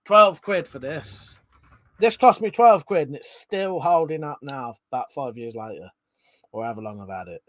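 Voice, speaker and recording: A man's voice: a little high, expressive, normal speed, dry recording. A man hosting a casual live stream, chatting loosely and reading out viewer comments. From Britain. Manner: chatty, swears freely, reads out viewer comments. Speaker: livestream host.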